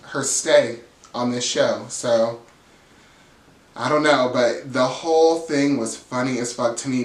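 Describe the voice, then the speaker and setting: Male recap host, mid-pitched, animated gossip storyteller who swears and mimics the cast; roomy echo on the track. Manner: animated storytelling, jumps into high voices quoting the cast, laughs often; swears freely.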